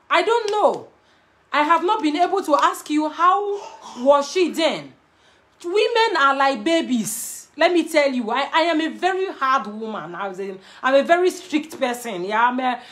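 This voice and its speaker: A woman's voice: sits high, very animated, moderate pace, a bit bright. A young Nigerian woman with a Nigerian accent, giving emphatic, preachy relationship advice to viewers and repeating her key points. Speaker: relationship adviser.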